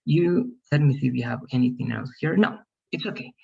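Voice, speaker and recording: Husky male English teacher, lo-fi call. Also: mid-range voice, expressive. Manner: patient, explains and models pronunciation slowly. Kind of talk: online pronunciation lesson.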